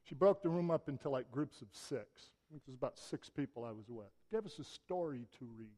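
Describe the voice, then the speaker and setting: A man's voice: mid-range voice, lively intonation, a little fast, dark tone. A middle-aged man from Michigan preaching a sermon, telling personal stories in a conversational way with emphatic rises. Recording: long church reverb.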